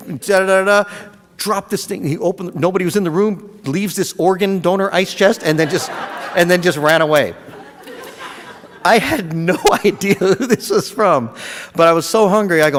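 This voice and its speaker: A man telling a personal story in a casual, animated and heartfelt way, laughing often. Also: a little high, normal speed. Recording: long reverb.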